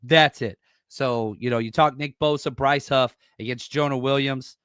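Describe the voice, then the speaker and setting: A man hosting a podcast in a blunt, salty, casual style, reading chat and getting loud and fired up at times. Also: mid-range voice, steady tone, normal speed, clean tone, dry recording, clean studio sound. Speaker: podcast host and former coach. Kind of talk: casual solo football preview reading live chat.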